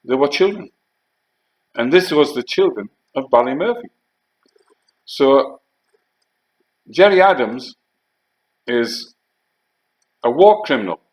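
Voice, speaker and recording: A man's voice: medium pitch, lively intonation, slow pace, long pauses, poor audio. An older man, a former soldier, telling war stories in a blunt, heated way, swearing and firing off rhetorical questions. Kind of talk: heated spoken monologue.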